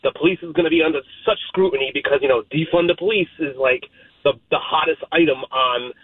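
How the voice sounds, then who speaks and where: A man phones in to a talk show with a fairly high voice, pressing his point hard and repeating it. He comes through a narrow, tinny phone line. The sound is dry. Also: fast talker, husky, no room sound. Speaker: radio caller. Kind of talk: phoned-in opinion.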